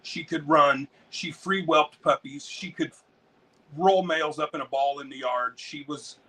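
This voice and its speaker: Bright, excitable American man telling stories. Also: fairly high pitch, measured pace, far from the mic, poor audio. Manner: profane, rambling, excitable. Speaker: interview guest, dog breeder. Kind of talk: casual storytelling.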